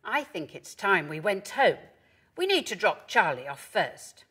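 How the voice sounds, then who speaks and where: A woman voicing a calm, matter-of-fact man who owns the dogs. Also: medium pitch, unhurried, breathy edge, heavily acted.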